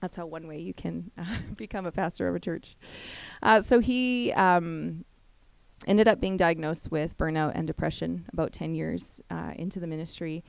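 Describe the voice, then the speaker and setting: A woman giving a chapel talk, telling a family story with lively storytelling and acted-out quotes. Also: lowish voice, moderate pace, creaky, no echo. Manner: animated storytelling, acts out quotes, laughs often. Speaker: chapel speaker.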